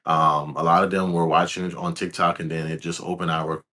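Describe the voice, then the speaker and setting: A laid-back young man from Louisiana, answering interview questions as a guest in a calm, soft-spoken way. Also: deep voice, a little fast. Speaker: guest, videographer.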